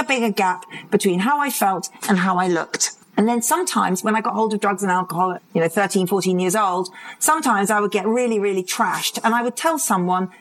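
A woman's voice: medium pitch, low-quality recording. A woman addiction expert giving a live conference talk, telling stories and acting out the voices of people in them. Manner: vivid storytelling, acts out quoted voices. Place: conference hall, live audience.

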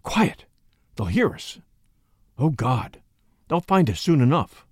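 A man's voice: medium pitch, big pitch swings, takes it slowly, breathy edge, no room sound, studio quality, heavily acted. A man reading a story aloud, voicing a frightened mother whose cries grow urgent and frantic. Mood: desperate. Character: frightened woman, a mother sensing danger. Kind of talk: audiobook reading.

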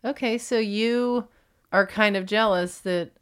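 A woman's voice: medium pitch, measured pace, smooth. Dry-joking woman podcast co-host. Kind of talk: casual chat.

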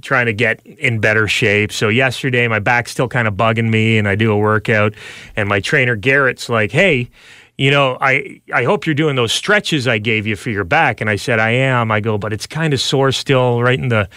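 A man hosting a podcast, telling a funny story about his week in a casual, animated way, jumping up in pitch when he quotes other people. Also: moderate pace, dry recording, clean studio sound. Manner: animated, jumps high when quoting others. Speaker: podcast host.

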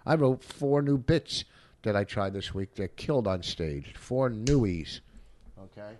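A man's voice: fairly low pitch, expressive, a little slow, a little mellow, a little hiss or hum. A middle-aged man, a stand-up comic, rambling and swearing through casual podcast banter. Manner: rambling, profane, gruff banter. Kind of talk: casual chat.

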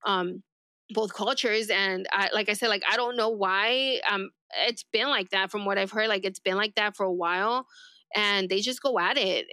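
A woman's voice: mid-range voice, sharp tone, clear, resonant tone, no echo, studio quality. A young woman from East Los Angeles, a sheriff's deputy telling her story casually in an interview, rambling with lots of "like". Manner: rambling, heavy use of "like", acts out quoted remarks.

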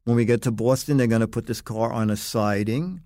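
An older man, a guest on an interview podcast, telling animated anecdotes and acting out other people's lines. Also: medium pitch, fairly quick, no room sound, clean studio sound. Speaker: guest, longtime magazine writer.

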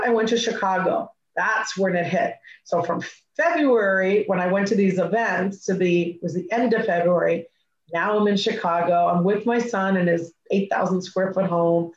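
A middle-aged woman recounting a story with energy, slipping into quoted dialogue as she goes. Her voice sits at an ordinary pitch and sounds a little dull, as if recorded with limited fidelity. The room around her adds a noticeable echo. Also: moderate pace. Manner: animated, acts out her own past dialogue. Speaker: guest speaker. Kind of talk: personal storytelling. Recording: echoey, slightly muffled recording.

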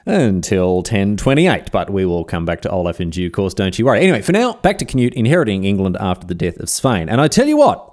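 Animated Australian man telling history. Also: low voice, quick pace. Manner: chatty, slangy, animated storytelling. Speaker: history podcast host. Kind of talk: casual history narration.

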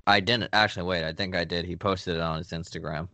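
A man's voice: low-pitched, steady tone, fast talker, pushed and bright, no echo. A young man co-hosting a casual sports podcast, laughing easily and chatting through game analysis. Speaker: podcast co-host.

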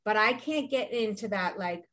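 A woman in her forties, a podcast guest chatting casually and telling rambling, animated stories with many restarts. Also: medium pitch, normal speed. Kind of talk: casual chat.

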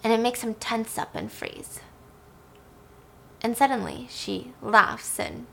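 A woman recapping a film in a chatty, animated way, swearing now and then. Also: on the high side, slow pace, creaky, long pauses, a little hiss or hum.

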